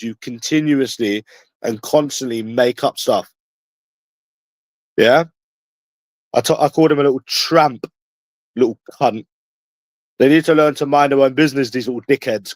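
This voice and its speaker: In a dry recording, a mid-range male voice with a London accent fires back at his livestream chat. The rant is combative, profane and repetitive.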